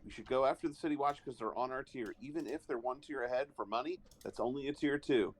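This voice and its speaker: A man's voice: mid-range voice, fast, slightly rough. A man playing in a tabletop game who argues his case and cites his notes in casual chat. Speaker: player.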